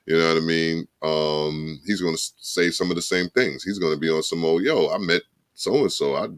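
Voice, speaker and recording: A man's voice: rumbling low, level tone, fairly quick, clear, resonant tone, dry recording, studio quality. A man co-hosting a podcast in a casual, reflective and somber way, often repeating his phrases. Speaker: podcast co-host.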